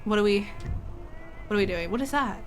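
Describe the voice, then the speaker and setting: Soft music plays behind a young woman streamer who talks fairly quickly at medium pitch. Playing a game, she chats with her viewers in a giggly, joking way, addressing chat casually.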